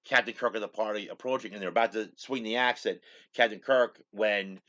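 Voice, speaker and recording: A man's voice: on the low side, fairly even intonation, fairly quick, pushed and bright, highs cut off. A man hosting his own show, casually retelling a TV episode in a rambling way, saying "he goes" over and over. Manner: rambling, repeats "he goes" constantly. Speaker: show host.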